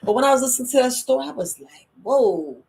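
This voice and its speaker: A middle-aged woman, hosting a wellness podcast in a lively, emphatic monologue. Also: racing, vocal fry. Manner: lively and emphatic, with quoted voices and sudden high exclamations. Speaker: herbalist and podcast host. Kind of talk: casual spoken monologue.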